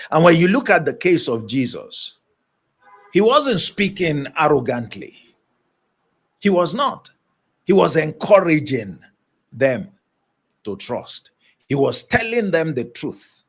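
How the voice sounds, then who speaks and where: A man's voice: mid-range voice, husky. A man giving a motivational leadership lesson in an emphatic, preacher-like way, repeating his key points. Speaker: leadership coach.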